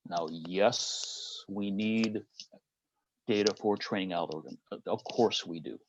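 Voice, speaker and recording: A man's voice: mid-range voice, a little mellow, no echo, dull audio. Midwestern American man giving a keynote. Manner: rhetorical, poses questions to the audience. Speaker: conference speaker. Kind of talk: conference keynote.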